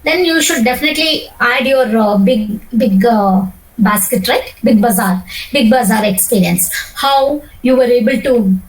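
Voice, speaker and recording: A high-pitched, middle-aged woman coaches a student through interview preparation. She explains patiently, stresses key words and restarts her sentences often. Her voice sounds a little distant from the microphone. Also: unhurried. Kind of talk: one-on-one coaching session.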